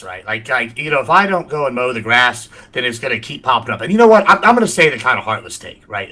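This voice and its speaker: A man on a debate panel arguing bluntly and forcefully, lecturing his opponents. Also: on the high side. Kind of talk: heated political argument.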